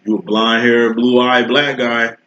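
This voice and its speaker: A man reads tarot in a flat, measured, medium-pitched voice with a fairly bright tone. His talk to the viewer is casual, full of slang and swearing, and the recording sounds roomy, dull and lo-fi.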